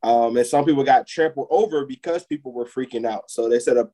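A man co-hosting a podcast who talks at a middling pitch in a loose, rambling way. He piles up filler words as he tells a story to his friends. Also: fairly quick, mellow, low-quality recording. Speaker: podcast co-host. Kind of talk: casual chat.

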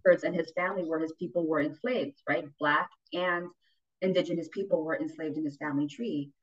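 A woman hosting a podcast, telling stories in a lively, casual way. She acts out quoted voices and swears freely. The audio sounds a little dull. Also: low voice, a little fast, breathy edge. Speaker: podcast host. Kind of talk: casual storytelling chat.

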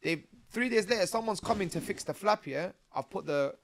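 A man, a podcast guest telling his stories in casual street slang, often tagging lines with "bro" and "yeah" and getting animated. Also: high voice, brisk, gravelly, no room sound. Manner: animated, rising when excited. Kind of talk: casual interview storytelling.

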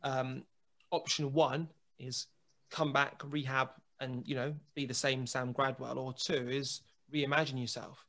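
A man, a guest telling a lively anecdote in casual chat, full of restarts and acted dialogue. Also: medium pitch, unhurried. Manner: lively storyteller, many restarts and quoted dialogue.

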